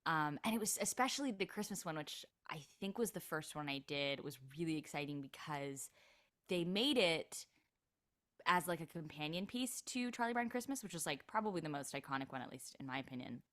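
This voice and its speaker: Low-pitched bright woman, chatty. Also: animated, a little fast. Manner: chatty, lots of "like" fillers. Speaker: actress guest. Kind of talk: casual interview chat.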